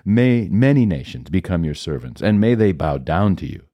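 A man voicing an old blind father who speaks in slow, solemn pronouncements. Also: deep voice, very animated, no echo, muffled recording.

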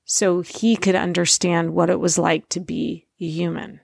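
A middle-aged Christian speaker and parent gives an informal faith talk, earnest and relaxed, slowing down to stress key words. Her lowish voice carries a gravelly, creaky edge, recorded close and dry with no room sound.

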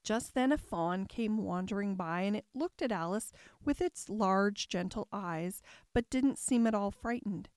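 A woman narrating a classic storybook in a calm, even storytelling manner. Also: medium pitch, unhurried, hardly any pauses, clear, resonant tone, no echo, studio quality. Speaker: audiobook narrator.

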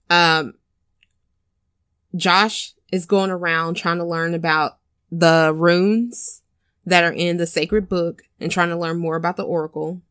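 A woman with a slightly low, smooth voice retells a film's plot at normal speed for a podcast, chatting loosely as a co-host. She animatedly jumps into the characters' lines, cursing and laughing along the way. The recording is dry and close, with no echo or room sound.

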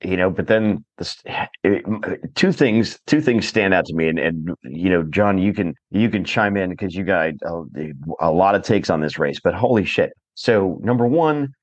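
A man's voice: low-pitched, lively intonation, moderate pace, no echo. A man co-hosting a casual podcast, talking bluntly and swearing as he rants. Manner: blunt, profane, ranting. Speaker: podcast co-host. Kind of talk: casual chat.

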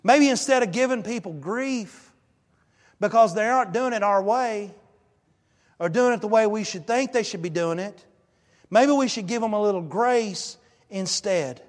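High-voiced preacher in a reverberant hall. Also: male voice, normal speed. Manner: animated storytelling, emphatic rises. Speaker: pastor. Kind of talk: sermon. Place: church sanctuary.

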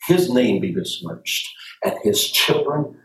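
A male pastor preaching a sermon, animated and calling on his congregation, sometimes shouting. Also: medium pitch, slow. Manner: shouting at peaks. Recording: roomy hall sound from far off.

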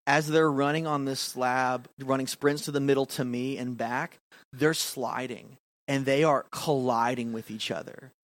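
A man's voice: medium pitch, steady tone, measured pace, no room sound. A man co-hosting a podcast and telling a story in casual chat, acting out quotes and laughing often. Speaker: podcast co-host, youth pastor.

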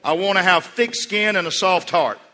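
Preaching a sermon from a church sanctuary's pulpit, this pastor has a high-pitched, bright, forceful voice at a normal pace. He shifts from quiet storytelling to loud, emphatic appeals to the congregation, and every phrase trails off in long reverb.

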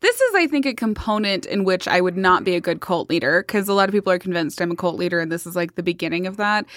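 A woman co-hosting a podcast in casual chat, blunt, swearing, and quick to react. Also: on the low side, lively intonation, a bit bright, no room sound, clean studio sound. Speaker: podcast co-host.

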